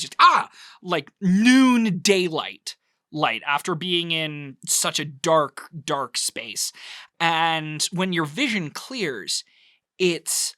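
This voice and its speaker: A man's voice: a little high, bright, forceful tone, no room sound, studio quality. A man narrating a tabletop game as game master, drawing out words for emphasis as he describes scenes.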